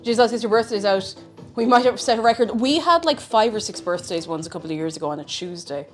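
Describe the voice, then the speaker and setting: A woman's voice: medium pitch, animated, fast, soft background music. A woman streamer chatting casually while cooking, playful and talkative, her voice a little crackly after being sick. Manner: chatty and playful, bursts into silly singing. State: slightly crackly voice after illness.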